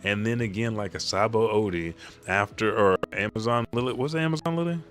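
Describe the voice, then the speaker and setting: A man's voice: fairly low pitch, fairly quick, a bit bright. A man casually reading a comic aloud with offhand, profane commentary. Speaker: manga reader and commentator.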